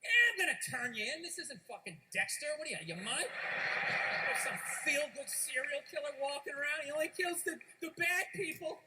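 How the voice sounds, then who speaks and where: A man's voice: very high-pitched, expressive, normal speed, noisy background. A man doing stand-up comedy on stage, ranting and swearing in a conversational way.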